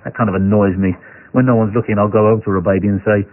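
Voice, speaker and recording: A dry, deadpan stand-up comedian, as a radio host puts him on, speaks in a lowered voice with a flat, unhurried delivery. The sound is narrow and phone-like, as if heard over a radio. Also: male voice, background noise, close to an everyday voice.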